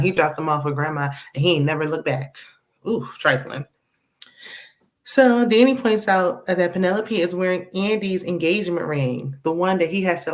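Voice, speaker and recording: A woman hosting a casual TV episode recap, sassy and animated, acting out the characters' lines. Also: low-pitched. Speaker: TV recap host.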